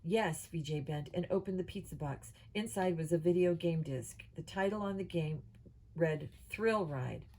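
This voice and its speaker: Mellow-voiced woman reading a kids' novel. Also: lowish voice, moderate pace, rough recording. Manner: steady reading with small slips. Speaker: audiobook reader. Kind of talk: reading a children's novel aloud.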